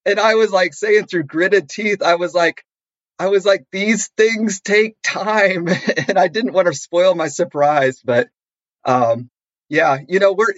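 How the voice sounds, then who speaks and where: Man, podcast co-host, casual chat, animated storyteller, slightly high voice, dull lo-fi sound. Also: a little slow, no room sound. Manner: animated storyteller, acts out quoted dialogue.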